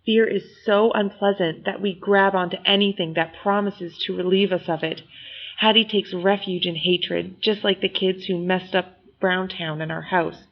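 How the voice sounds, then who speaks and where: A woman reading a novel aloud in first-person audiobook narration, measured and expressive. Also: lowish voice, muffled recording, a little hiss or hum.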